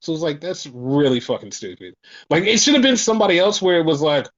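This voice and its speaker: A man hosting a casual podcast, telling stories excitedly and swearing constantly. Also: a little high, fast, highs cut off. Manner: excited, profane storytelling. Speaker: podcast host.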